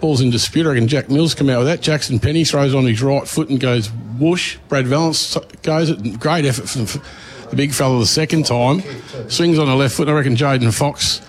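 An Australian man calling local football play by play from a commentary box, quick and chatty with frequent laughs. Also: mid-range voice. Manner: rapid play-by-play, laughs often.

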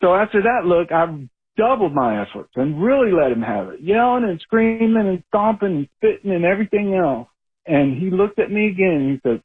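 A male caller tells his story with animated energy, his voice a bit husky. The sound is thin and narrow, like a phone line. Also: high voice, normal speed.

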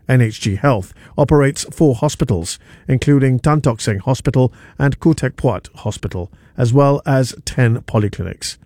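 Casting: steady formal male newsreader, dry close studio sound. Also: medium pitch, no room sound. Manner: measured, formal. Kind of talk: news bulletin reading. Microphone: studio mic.

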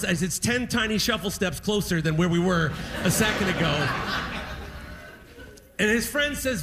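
A man doing animated stand-up storytelling, laughing at his own stories. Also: high-pitched, normal speed. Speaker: stand-up comedian. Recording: noisy recording.

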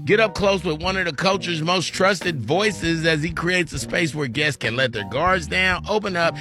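A man reading a scripted podcast promo in an upbeat, quick way. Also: on the high side, over music. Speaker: ad announcer.

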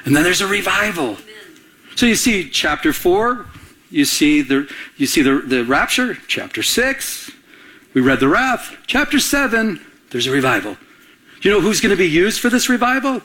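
A man's voice: on the high side, fairly bright tone. A middle-aged male pastor preaching a conversational sermon, firing off rhetorical questions and calling on the congregation to answer.

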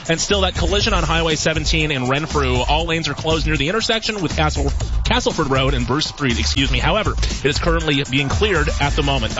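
Male traffic reporter, rapid and slightly high-voiced, dull radio sound over music. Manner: quick, steady broadcast delivery. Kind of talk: brisk radio weather and traffic read.

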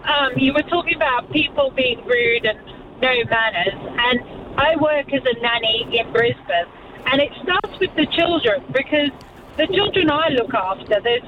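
A woman's voice: sits high, animated, recorded from a distance, phone-quality sound, background noise. A woman working as a nanny calling in to a radio show, indignant and chatty with lots of "like" fillers. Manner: indignant, talks fast with "like" fillers. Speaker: caller, nanny. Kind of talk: phone-in chat.

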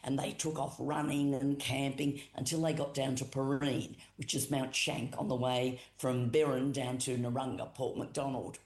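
An Australian storyteller from Boandik country, telling a creation story in an unhurried, repetitive way with pauses and emphatic retellings. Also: mid-range voice, little pitch movement, darkish tone. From Boandik country, South Australia. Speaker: Aboriginal storyteller and cultural educator. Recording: echoey room.

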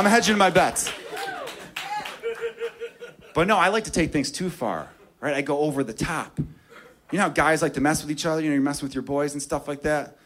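A man doing brash, self-mocking stand-up comedy and laughing at his own lines. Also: on the high side. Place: comedy club. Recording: club with audible crowd.

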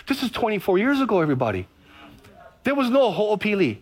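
A man's voice: sits high, big pitch swings, brisk, long pauses. A middle-aged man from Hawaii, a pastor preaching a sermon, telling stories from his own life and acting out his past prayers.

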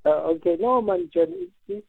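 A man calling in to a radio show, speaking earnestly with many halting restarts. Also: high voice, huge pitch swings, gravelly. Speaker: caller. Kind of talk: phone-in call. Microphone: phone. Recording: tinny phone line.

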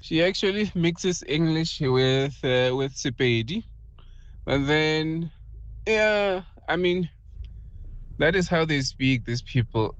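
Female caller, amused and laughing, very slow delivery. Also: deep voice, lively intonation, dry recording. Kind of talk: phone-in call.

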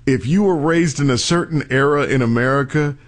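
A man hosting a radio show, bantering and joking and laughing easily with callers. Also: medium pitch. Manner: joking, animated, quick to laugh.

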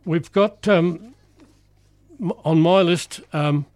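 A man's voice: a little high, takes it slowly, a little mellow, no room sound. A man co-hosting a radio show, easygoing, mostly giving short replies with some hesitation. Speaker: radio co-host. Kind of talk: casual on-air chat.

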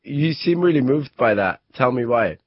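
A man interviewing guests, asking gentle, probing questions. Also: medium pitch, animated, moderate pace, husky, dry recording. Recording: dull lo-fi recording.

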